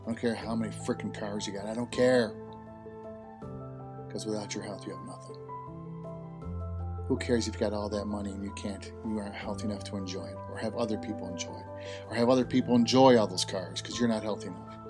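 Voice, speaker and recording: A man's voice: on the low side, steady tone, brisk, music in the background. A man hosting a health talk, telling a personal story in a conversational way and repeating key phrases for emphasis. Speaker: host.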